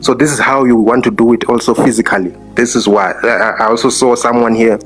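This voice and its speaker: A man's voice: medium pitch, steady tone, a little fast, soft background music. A man on a live-stream panel debate, earnest and hesitant, with many fillers, talking into his phone. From South Africa.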